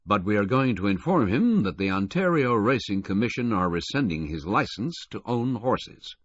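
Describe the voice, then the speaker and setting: A man reading the part of a middle-aged racing official in an audiobook, earnest and steady. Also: fairly low pitch, husky, no echo, muffled recording, voice pushed up. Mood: brisk. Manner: earnest, halting when grieving.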